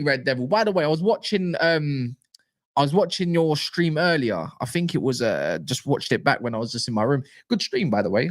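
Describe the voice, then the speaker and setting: A young man chatting casually on a football fan live stream, joking and bantering in slang. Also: a little high. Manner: animated, jokey, slangy banter.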